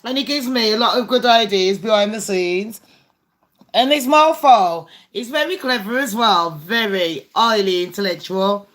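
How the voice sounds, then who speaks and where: A woman's voice: medium pitch, fairly bright tone. A woman hosting a casual livestream game with her viewers, blunt and foul-mouthed. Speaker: livestream host.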